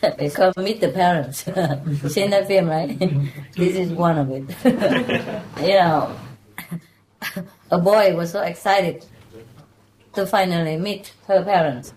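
A woman's voice: fairly low pitch, darkish tone, rough recording. A woman telling jokes in casual chat, laughing through her own punchlines and stumbling over her words as she goes. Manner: loose, halting delivery with restarts. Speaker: joke teller among friends.

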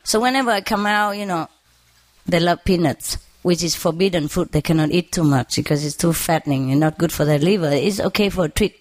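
A woman's voice: fairly low pitch, a little fast, dry recording. Laughing woman chatting about her pets. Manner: laughs often, animated, acts out her pets' voices. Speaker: bird owner. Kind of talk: casual storytelling.

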